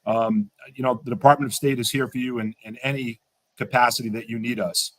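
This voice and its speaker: A man's voice: mid-range voice, steady tone, fairly quick, no echo. Guy speaking on a livestream, earnest, keeps repeating himself, dry close sound. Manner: earnest, repeats words, many fillers. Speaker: state secretary, guest. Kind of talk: remarks on a livestream.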